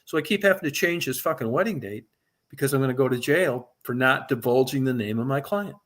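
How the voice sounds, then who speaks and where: A middle-aged man telling a long personal story in casual talk, swearing often and speaking with animated energy. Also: medium pitch, brisk.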